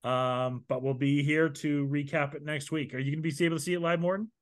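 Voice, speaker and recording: A man with a slightly raised pitch hosts a casual podcast. He talks in a relaxed, easy way as he wraps up. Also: fairly quick. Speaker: podcast host.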